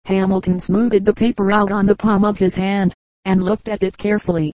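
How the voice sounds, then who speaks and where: A woman reading a novel aloud as an audiobook narrator, calm and measured. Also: medium pitch, dry recording, poor audio. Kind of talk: scripted narration.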